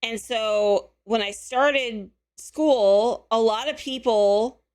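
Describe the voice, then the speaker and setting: A woman hosting a casual live stream, chatting with viewers and answering their messages, her voice a little hoarse. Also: on the high side, extremely slow. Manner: chatty, friendly, answers chat messages aloud. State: slightly hoarse.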